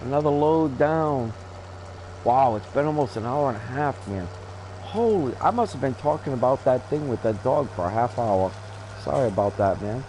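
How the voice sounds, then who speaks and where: Man, 50s, gaming host. Blunt storyteller who laughs often; lively pitch, faint background noise. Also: moderate pace, rough recording. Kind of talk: casual chat while gaming.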